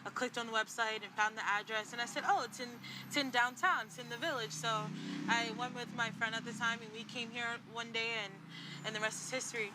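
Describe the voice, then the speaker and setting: A woman's voice: a little high, fairly even intonation, brisk. A young woman guest, earnestly telling her personal story outdoors in a casual, sincere way. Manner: earnest, sincere, with you-knows. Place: outdoors in a city garden. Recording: outdoor street noise.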